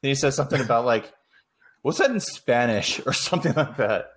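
A man co-hosting a podcast, reacting to a movie recap with quick jokey comebacks. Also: mid-range voice, lively intonation. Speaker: podcast co-host. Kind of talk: casual movie recap chat.

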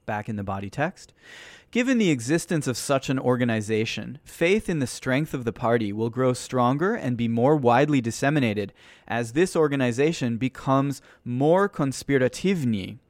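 A man hosting a podcast, reading a political text aloud in steady narration and voicing each quotation mark as "quote" and "unquote". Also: mid-range voice, moderate pace, dry recording, studio quality.

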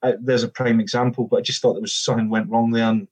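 Man, husky voice, middle-aged, casual storytelling, animated quoted dialogue. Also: medium pitch, quick pace, low-quality recording. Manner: animated, acts out quoted dialogue, frequent restarts. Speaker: former footballer, guest.

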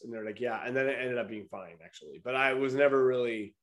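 A man's voice: medium pitch, fast talker, fairly bright tone. A man, a stand-up comedian hosting a podcast, telling a long grumpy story about a bad gig and swearing a lot. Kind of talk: casual podcast chat. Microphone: remote video call.

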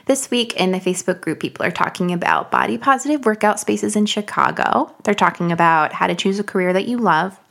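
A woman's voice: on the low side, lively intonation, brisk, gravelly, hardly any pauses, fairly bright tone. A woman co-hosting a casual podcast, talking in a playful, teasing way. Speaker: podcast co-host.

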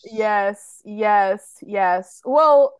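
A woman's voice: mid-range voice, drawn-out words, clear, resonant tone, no echo. An American woman co-hosting a podcast in casual chat, animatedly retelling scenes and acting out the characters' lines. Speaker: podcast co-host.

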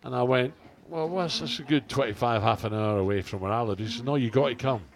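A man's voice: mid-range voice, fast, gravelly. Older guy co-hosting, rambly jokey stories, lots of uhs. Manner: chatty, jokey, rambling anecdotes with fillers. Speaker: podcast co-host. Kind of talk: casual chat and storytelling.

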